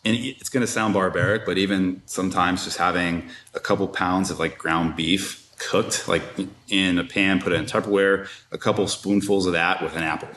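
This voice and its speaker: Low-voiced man, relaxed interview guest. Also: normal speed, few pauses, echoey room, slight background noise. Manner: relaxed, practical, many fillers. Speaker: strength coach, guest. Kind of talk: casual interview chat.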